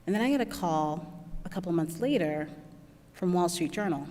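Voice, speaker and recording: A woman's voice: lowish voice, lively intonation, moderate pace, dark tone, big-room sound. A woman giving a keynote talk, telling personal stories in a chatty way, laughing often and acting out what other people said. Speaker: keynote speaker. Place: large lecture hall.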